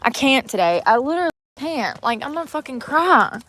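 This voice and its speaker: A young woman ranting bluntly and profanely on a casual live stream, exasperated and loud-mouthed. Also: high-pitched, very animated, fairly quick. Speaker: livestreamer.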